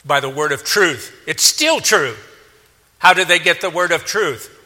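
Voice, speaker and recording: A man preaching a sermon, earnest, swelling to emphatic peaks and then dropping low. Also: lively intonation, unhurried, sharp tone. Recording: long hall reverb.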